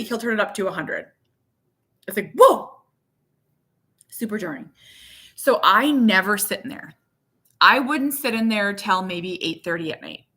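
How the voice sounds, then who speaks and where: A woman in her thirties chatting casually to her viewers from her living room, rambling and animated, with lots of "like". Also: medium pitch. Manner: rambling, heavy use of "like"; candid, animated. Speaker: vlogger, parent.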